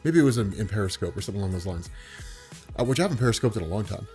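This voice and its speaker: A man vlogging in a relaxed, unhurried way, with a voice that carries and commands attention, spoken from the diaphragm. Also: on the low side, faint music behind. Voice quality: carrying, commanding voice. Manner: calm, laid-back, unhurried; speaks from the diaphragm. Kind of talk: relaxed talk to camera.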